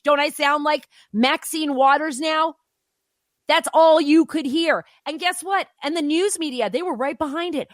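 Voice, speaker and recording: Impassioned woman commentator, high dry voice. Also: moderate pace, no echo. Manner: impassioned, emphatic. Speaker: political commentator host. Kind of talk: opinion commentary.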